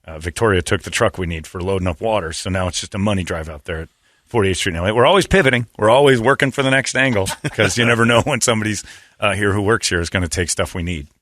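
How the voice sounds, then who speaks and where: A man's voice: on the low side, quick pace, fairly bright tone, no echo, clean studio sound. A man hosting a radio morning show in casual, joking banter, rambling and chuckling between phrases. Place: radio studio.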